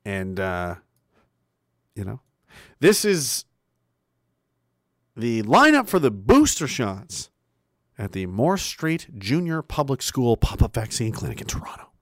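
A man's voice: mid-range voice, big pitch swings, slow pace, pauses often, no room sound, studio quality. A man hosting a casual live stream, reacting to chat with laughter, swearing and trailing mutters. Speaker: livestreamer.

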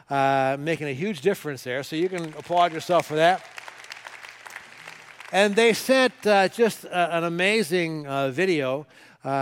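A man's voice: fairly high pitch, clear, resonant tone. A male pastor preaching a sermon, talking casually and coaxing the congregation to read scripture aloud with him. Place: church sanctuary. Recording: long hall reverb.

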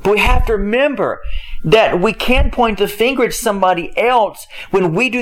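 A man's voice: high-pitched, expressive, normal speed. A man preaching a conversational sermon, emphatic and repetitive, often breaking off with a rhetorical "hello?" and chuckling as he talks. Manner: chuckles while speaking.

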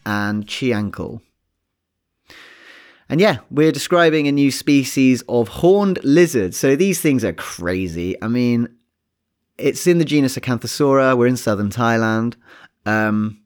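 A man co-hosting a casual science podcast, thinking aloud in a relaxed way with frequent restarts. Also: mid-range voice, clean tone. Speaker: podcast co-host.

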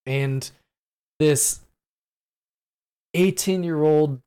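A man in his late thirties giving solo commentary on news events, talking in an earnest, halting way with many fillers and restarts. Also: fairly high pitch, mellow, smooth. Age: late 30s. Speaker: podcast host.

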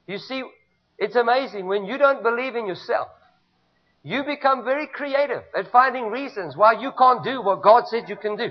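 South African male pastor, very high voice, emphatic call-and-response preaching, muffled lo-fi recording. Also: normal speed. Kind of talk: sermon. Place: church. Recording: dull lo-fi recording.

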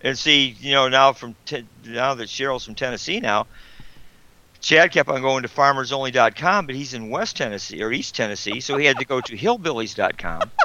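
A man's voice: medium pitch, expressive, moderate pace, sharp tone, dry recording. A man co-hosting a live video call show, chatting and teasing the host with jokes. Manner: joking, teasing. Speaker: guest co-host. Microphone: video call mic. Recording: dry, dull lo-fi call audio.

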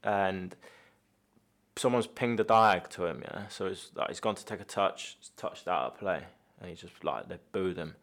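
Deepish guy, ex footballer, rambling relaxed stories. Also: moderate pace, vocal fry. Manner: relaxed storytelling with many fillers. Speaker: former footballer, guest. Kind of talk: casual podcast chat.

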